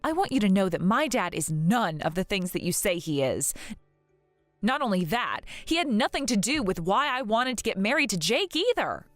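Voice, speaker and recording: A woman voicing a grieving young wife in an animated story drama who talks in an earnest, pleading, wounded way. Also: mid-range voice, moderate pace, no room sound, faint music behind, natural voice. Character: grieving young wife hurt by her in-laws.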